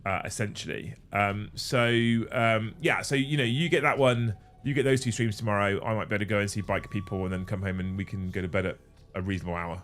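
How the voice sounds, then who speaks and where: Sweary, excitable livestream host. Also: male voice, on the low side, fast, few pauses, faint music behind. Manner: sweary, excitable, thanks viewers by name. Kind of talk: casual livestream chat.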